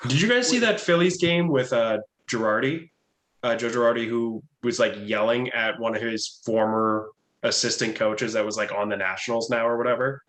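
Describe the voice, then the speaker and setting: A man's voice: mid-range voice, normal speed, a bit bright. Rambling man in an echoey room. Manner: rambling storyteller, laughs through anecdotes. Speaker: podcast co-host. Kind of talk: casual chat.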